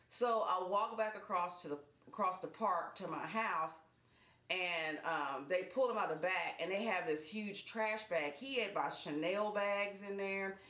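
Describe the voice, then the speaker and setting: A woman telling a personal story in casual vlog style, animated and speeding up in quick bursts. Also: lowish voice. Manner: animated, fast bursts when retelling action. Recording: echoey room.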